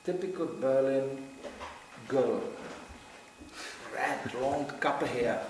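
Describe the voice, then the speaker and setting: Slowly and in a mid-range voice, a middle-aged man tells stories from memory to a devotional gathering, laughing frequently and voicing what others said. The background is noisy, the room very echoey, and the mic placed far off.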